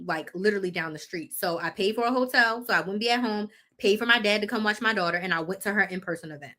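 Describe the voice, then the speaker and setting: A woman in her thirties hosts a live chat as a business coach, her voice bright and forceful. She tells her story bluntly and with animation, stopping to correct herself on dates and details. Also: medium pitch.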